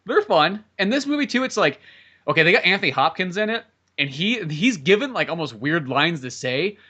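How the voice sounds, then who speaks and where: A young man co-hosting a casual comedy podcast, rambling and swearing as he talks movies. His voice is fairly high and bright, and it swings widely in pitch as he gets into it. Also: big pitch swings, fairly quick. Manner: rambling, swears a lot, jokey impressions. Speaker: podcast co-host.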